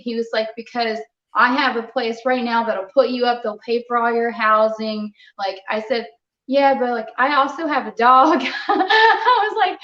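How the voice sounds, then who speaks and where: A young adult woman, a fighter being interviewed, telling a story in a lively, casual way and acting out what others said. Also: a little high, moderate pace. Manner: animated, quotes others in conversational retelling. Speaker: muay thai fighter, interview guest. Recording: roomy, slightly dull sound.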